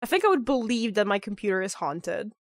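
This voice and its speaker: A woman's voice: mid-range voice, brisk, dry recording, clean studio sound. A woman streaming a game in casual, rambling chat, sounding sick and nasal from a clogged nose. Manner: rambling, animated, heavy on "like" fillers.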